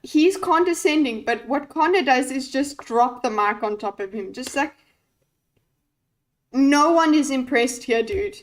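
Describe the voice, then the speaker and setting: A woman's voice: high-pitched, a little slow, poor audio. A woman streamer giving live reaction commentary on a debate, giddy and laughing through her words, swearing casually.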